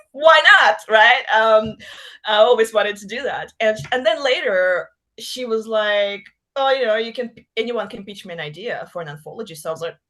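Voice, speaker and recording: Woman guest from Russia, conversational and giggly, mid-pitched, full of fillers. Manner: chatty, laughs often, many fillers. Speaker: author guest. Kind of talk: casual interview chat.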